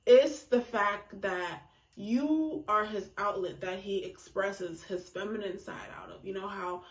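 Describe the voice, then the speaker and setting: A woman's voice: mid-range voice, unhurried, echoey room. A woman giving a casual monologue about relationships, talking emphatically and acting out reactions in quoted voices. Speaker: relationship commentator.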